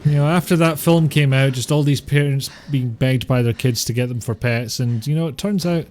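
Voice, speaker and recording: Casting: male game streamer, mid pitch, chatty, joking, swears a lot. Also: brisk, darkish tone, a little hiss or hum. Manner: joking, rambling, swears often. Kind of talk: casual gameplay commentary.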